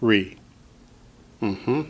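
A man teaching a class, speaking patiently and deliberately and quizzing his students with questions. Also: on the low side, breathy edge. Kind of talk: classroom lesson.

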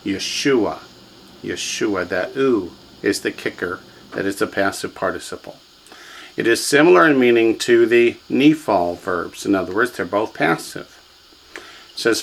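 A man's voice: lowish voice, expressive, normal speed, vocal fry, fairly bright tone, poor audio. Man teacher drilling a class. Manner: drills students, has them repeat words, quizzes them. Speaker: language teacher. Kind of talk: classroom lesson. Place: classroom with students.

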